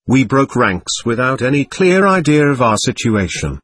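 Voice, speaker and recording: Husky-voiced male audiobook narrator. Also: medium pitch, no room sound. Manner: measured, expressive storytelling. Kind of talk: first-person scripted narration.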